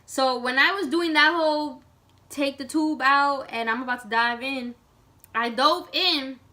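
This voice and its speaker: A woman tells a wild personal story straight to camera, animated and dramatic, with filler "like" at every turn. Her voice sits on the high side and rings bright and forceful. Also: measured pace. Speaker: vlogger.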